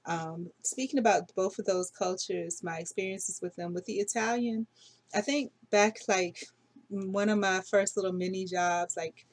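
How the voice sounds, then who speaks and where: A woman's voice: fairly low pitch, steady tone, moderate pace. A middle-aged woman talking casually through her dreams in a rambling, unsure way, full of fillers and self-corrections. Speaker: dream vlogger. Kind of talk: casual dream diary monologue.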